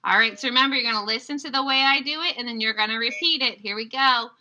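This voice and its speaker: A woman teacher on a video call, slowly and clearly modeling words for young students to repeat and praising them. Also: a little high, sharp tone, poor audio. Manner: encouraging praise. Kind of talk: online reading lesson with young students.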